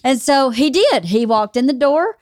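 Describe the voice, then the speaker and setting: A woman with a fairly high voice talks in relaxed podcast conversation. Her delivery is blunt and teasing, and the sound is dry and close to the mic. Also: normal speed, no echo. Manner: blunt, teasing, interrupts to correct. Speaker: podcast guest, host's wife. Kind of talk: casual storytelling chat.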